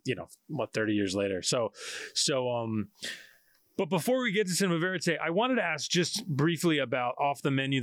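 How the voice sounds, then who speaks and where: A man's voice: medium pitch, fairly bright tone, no echo, clean studio sound. A man hosting a film podcast, asking loose, rambling questions and restarting often. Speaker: podcast host. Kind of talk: casual interview.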